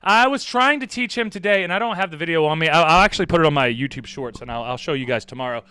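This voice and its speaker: A man's voice: fairly high pitch, quick pace, pushed and bright, clean tone. A man chatting casually with his viewers on a live stream, rambling, swearing and teasing, often laughing.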